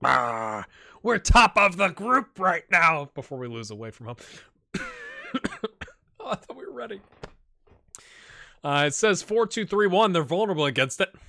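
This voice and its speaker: Lively, bright-voiced male gaming host. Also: a little high, vocal fry, no room sound, studio quality. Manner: chatty, excitable, talks straight to viewers. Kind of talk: live game commentary.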